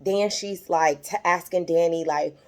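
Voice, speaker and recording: Unhurried, in a slightly mellow voice on the low side, a young woman recaps a TV episode for YouTube, chatting through scenes and quoting characters with many fillers. Her voice rises whenever the story moves her emotionally.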